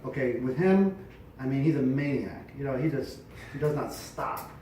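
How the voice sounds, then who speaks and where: A middle-aged male pastor giving casual, chatty advice to other preachers, sometimes projecting loudly from the diaphragm. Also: mid-range voice, moderate pace. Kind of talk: informal teaching talk to preachers. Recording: echoey room, mic at a distance, faint noise.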